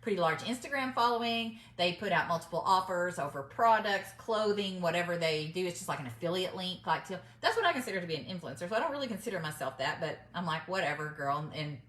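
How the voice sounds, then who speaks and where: Talking fast with hardly a pause, a middle-aged woman shares a story with her viewers, calling them y'all while giving business mindset advice. Her lowish voice is expressive and a bit bright, heard in an echoey room.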